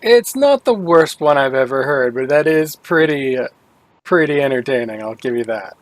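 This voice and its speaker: A man hosting a podcast, easygoing and chatty, telling a short anecdote with quick asides. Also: medium pitch, lively intonation, no room sound. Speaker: podcast host. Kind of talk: casual chat.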